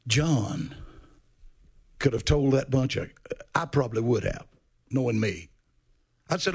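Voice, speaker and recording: A man's voice: medium pitch, animated, unhurried, vocal fry, pauses often, breathy edge. A man preaching a sermon in a folksy, storytelling way with humor.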